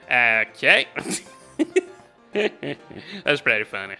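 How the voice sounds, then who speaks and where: Bright-voiced man commenting on a game. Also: mid-range voice, lively intonation, normal speed, soft background music. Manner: chatty, rambling, laughs often, hesitant fillers. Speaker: let's play commentator.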